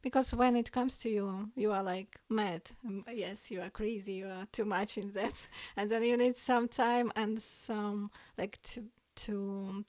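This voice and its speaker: A woman from Ukraine, a poet and guest, chatting hesitantly with many fillers and laughs, sometimes dropping to a soft near-whisper. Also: mid-range voice, steady tone, a little slow, few pauses, no echo. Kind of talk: casual podcast chat.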